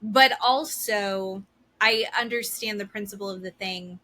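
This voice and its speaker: Brief: woman co-host, bright tense tone, fast agreeable asides, faint hiss behind. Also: medium pitch. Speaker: podcast co-host. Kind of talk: casual podcast chat.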